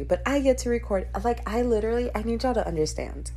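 A young woman vlogging in a casual podcast style, animated, profane and quick to laugh. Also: fairly high pitch.

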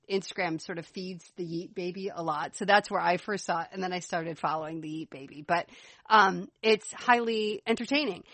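A woman's voice: mid-range voice, a bit bright, no room sound. A woman co-hosting a podcast, chatting enthusiastically and laughing as she talks. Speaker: podcast co-host. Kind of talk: casual chat.

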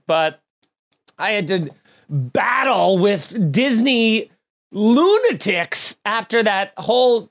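A man's voice: sits high, a bit bright. A man chatting on his comedy podcast. He rambles through stories and pokes fun at himself with a loose, offhand delivery. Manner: rambling, self-mocking storyteller. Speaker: podcast host.

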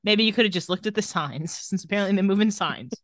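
A woman's voice: mid-range voice, fast talker, fairly bright tone, dry recording, clean studio sound. A woman co-hosting a podcast, casually recapping an episode and reading lines with wry asides. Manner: reads out dialogue with wry asides. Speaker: podcast co-host.

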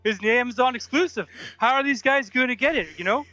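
A cheerful backwoods Canadian guy, put on by a man, rambling along and tacking "eh" onto his thoughts in a high, bright voice. The exaggerated Canadian accent comes through muffled lo-fi livestream audio. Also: fast, no echo. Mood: folksy. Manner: rambling, sprinkled with "eh".

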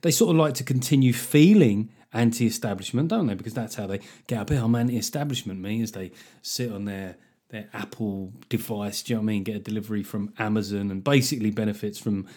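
A man's voice: fairly low pitch, brisk, a little mellow. A British man hosting a podcast, talking casually and sardonically, with a chatty flow and free swearing. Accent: British English. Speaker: podcast host. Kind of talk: casual comedic monologue.

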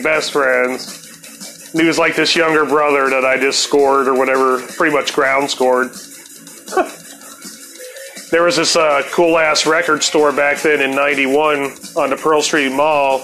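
A man's voice: fairly high pitch, fairly even intonation, measured pace, pushed and bright, faint music behind, poor audio. A man in his fifties telling a profane personal story in a laid-back, casual way as a podcast host. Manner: laid-back, swears constantly, laughs at his own stories.

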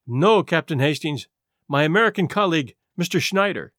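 A man reading as a grave, steadfast archaeologist with a gray beard, formal and unhurried in an audiobook. The voice sits somewhat high for a man and moves with lively inflection. The sound is close and dry. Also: no room sound.

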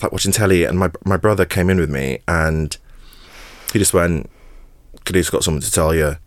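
In clean studio sound without echo, a low-voiced man from England shares something personal on a podcast. He's an actor, candid and emotional, repeating words and laughing his way through difficult memories.

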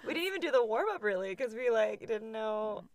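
Woman podcast co-host, lively pitch, giggly, trips over names while reading. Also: moderate pace. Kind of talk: casual chat.

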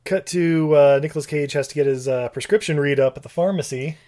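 A man's voice: fairly high pitch, brisk, dark tone. A man co-hosting a podcast, casually recapping a movie with rambling, filler-heavy talk. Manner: rambling, many fillers and restarts. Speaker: podcast co-host.

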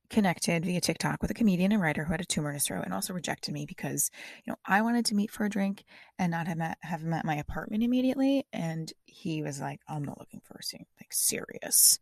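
Gravelly, husky woman trying out stand-up. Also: lowish voice, no room sound, clean studio sound. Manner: chatty, self-deprecating, rambling with restarts. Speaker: comedian and podcast host. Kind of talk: stand-up comedy trial on a podcast.

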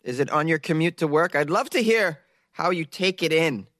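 A man's voice: a little high, lively intonation, moderate pace, fairly bright tone, no room sound, studio quality. A man hosting a comedy news podcast, rambling jokily and often laughing at his own remarks. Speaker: podcast host. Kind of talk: casual comedic news commentary.

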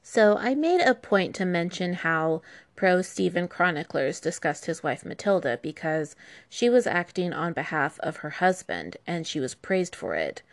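A woman's voice: on the low side, big pitch swings, a little slow. A woman telling medieval history in an irreverent, sarcastic way, with profane asides. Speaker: history podcast host.

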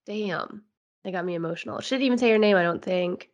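A woman's voice: medium pitch, quick pace. A woman co-hosting a podcast in casual chat, earnest and often repeating her words. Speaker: podcast co-host.

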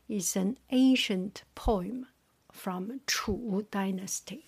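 A woman teaching vocabulary in a very slow, soft voice that often drops to a whisper. She says each word twice, then gives its meaning. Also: medium pitch, breathy edge. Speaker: language teacher. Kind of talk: soft whispered tone-drill lesson.

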